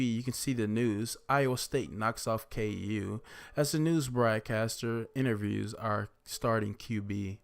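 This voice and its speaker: A man casually reading a first-person horror story, relaxed and profane in a conversational way. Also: lowish voice, creaky.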